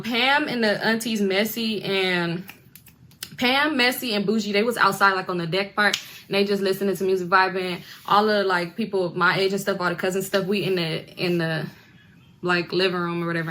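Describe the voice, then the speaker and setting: A bright-voiced young woman rambles through a casual storytime. She talks in slang and drops into other people's voices as she quotes them. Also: mid-range voice, steady tone, fairly quick, slight background noise. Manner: chatty, slangy, acts out voices of relatives. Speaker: storyteller in a reacted video.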